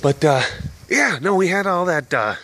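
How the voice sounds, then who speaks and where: A man's voice: high voice, normal speed. A young man casually telling a rambling story to the camera, acting out voices as he goes. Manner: rambling, animated, acts out voices. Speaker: vlogger with big cats.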